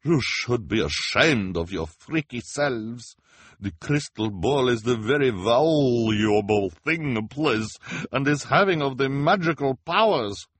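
A man voicing a bad-tempered fake fortune-teller woman with an odd accent who shouts and orders people around. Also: mid-range voice, lively intonation, slow pace, husky, no room sound, pitched above the performer's own voice. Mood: outraged. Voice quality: odd foreign-sounding broken speech. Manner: bossy and shouting.

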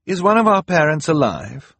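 Man plays an anxious young boy, raised pitch, husky, pleading storybook child. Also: very animated, moderate pace, a bit bright, dry recording, full character voice.

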